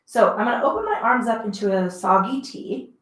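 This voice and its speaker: A woman leading a mat pilates class at home, giving chatty, encouraging cues between breathy exertion sounds. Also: fairly high pitch, very animated, a little fast, fairly bright tone. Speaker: pilates instructor. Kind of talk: guided workout instruction. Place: home room, dogs heard about. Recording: roomy echo.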